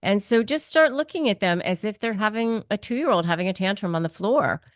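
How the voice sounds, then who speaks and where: A woman's voice: mid-range voice, expressive, fairly quick, no echo, studio quality. A woman hosting an advice interview, speaking emphatically and repeating her key points. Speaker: host.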